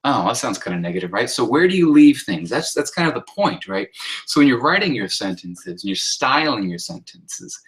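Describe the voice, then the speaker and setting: A man's voice: mid-range voice, very animated, normal speed, fairly bright tone, poor audio. Guy teaching a writing workshop over slides, lots of ums and uhs, voice jumps up when he reads the example sentences. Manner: conversational teaching with many fillers, acting out example sentences in a lifted voice. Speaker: writing instructor. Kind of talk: recorded lecture walking through slides.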